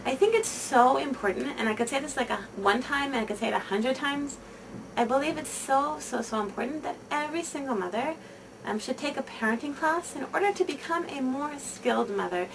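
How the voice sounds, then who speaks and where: A woman reading aloud and then talking casually to other mothers, halting, with many fillers and repeated emphasis. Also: high-pitched, expressive, far from the mic, background noise.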